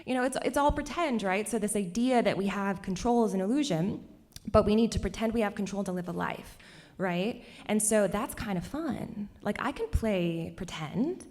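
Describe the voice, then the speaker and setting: A woman's voice: medium pitch, normal speed. Young woman telling a story on stage. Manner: animated, laughs often between lines. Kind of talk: live personal storytelling. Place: stage at a cultural center.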